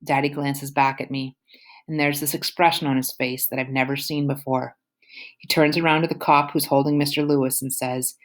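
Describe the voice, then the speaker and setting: A woman's voice: extremely low pitch, flat delivery, moderate pace. A woman reading a novel aloud, with occasional whispered asides. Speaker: audiobook reader.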